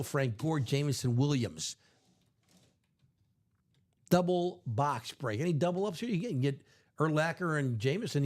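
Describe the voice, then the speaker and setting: A man hosting a live sports card break stream, chatting casually in a rambling, self-correcting way. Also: a little high. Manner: rambling, self-correcting, chuckles at own stories.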